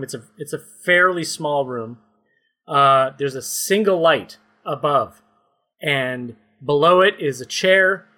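Bright-voiced man narrating a story game. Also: fairly high pitch. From Canada. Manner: playful, describes scenes slowly with mock suspense. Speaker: game master. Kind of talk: narrating a comedic tabletop-style story game.

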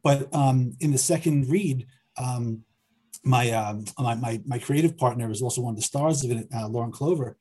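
Middle-aged filmmaker, male, mellow husky voice, thinks aloud with repeats. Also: medium pitch, normal speed. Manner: hesitant, repeats words while thinking aloud. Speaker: filmmaker and writer guest. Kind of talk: conversational interview.

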